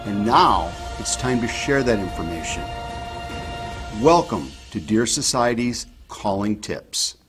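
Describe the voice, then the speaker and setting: A man teaching hunters fawn calls, explaining each step in a relaxed instructional way. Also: fairly low pitch, takes it slowly, music in the background. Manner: explains step by step, demonstrates softly. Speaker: hunting call instructor. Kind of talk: instructional talk.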